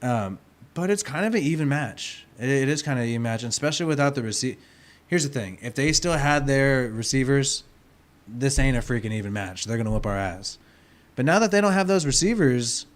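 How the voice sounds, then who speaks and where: A rowdy man hosts a casual sports livestream, cursing freely and swinging between loud outbursts and muttered asides. His throat is sore and scratchy. His voice sits at a middling pitch. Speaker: livestream host.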